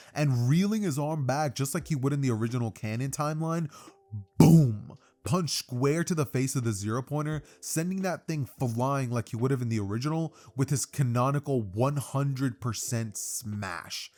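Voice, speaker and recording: A man casually narrating a fan-made story in an energetic, slangy way. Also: medium pitch, brisk, few pauses.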